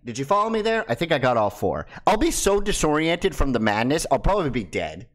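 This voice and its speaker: A man hosting a casual crypto video, excitable and swearing, his voice jumping high and loud when he gets hyped. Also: fairly quick. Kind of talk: casual talk to camera.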